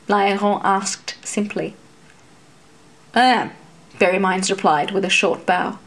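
Woman narrator, fantasy audio fiction, steady measured reading, mid pitch. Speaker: story narrator.

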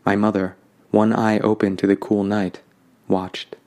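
A man narrating a fantasy story in a calm, lyrical way. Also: lowish voice, a little slow.

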